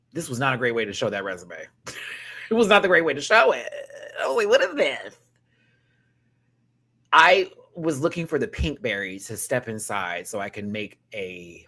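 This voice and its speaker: A young man hosting a live review chat, sassy and animated, laughing and then dropping to quiet asides. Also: medium pitch. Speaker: host reviewing a reality show live.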